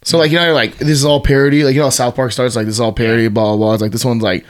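A young man chatting loosely among friends on a podcast. He rambles and swears freely, full of slang and filler, in an ordinary mid-pitched voice. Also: fairly even intonation, racing. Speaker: podcast co-host. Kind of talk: casual chat.

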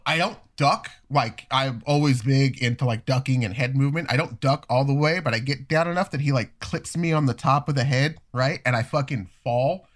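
A man in his thirties telling a story in a casual, profane and animated way, acting out the voices of people he quotes. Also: medium pitch, normal speed, hardly any pauses. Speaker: storyteller guest.

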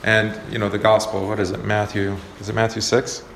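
A man's voice: fairly low pitch, completely flat delivery, fairly quick, vocal fry, fairly bright tone. A man, a pastor, leading a casual Bible study, talking conversationally and often asking the group questions. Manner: conversational, asks the group questions, many fillers. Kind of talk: casual teaching talk. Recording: roomy echo, faint background noise.

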